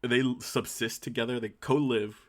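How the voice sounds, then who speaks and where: A man's voice: mid-range voice, level tone, normal speed. A man co-hosting a podcast, chatting casually and gushing about a story he loved, laughing often. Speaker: podcast co-host. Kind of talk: casual chat about fan fiction.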